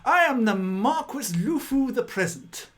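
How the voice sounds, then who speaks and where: A man's voice: very high-pitched, lively intonation, unhurried, fairly bright tone, voice pushed up, heavily acted. A man voicing a pompous male walrus noble with a grandiose, theatrical way of speaking. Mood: delighted.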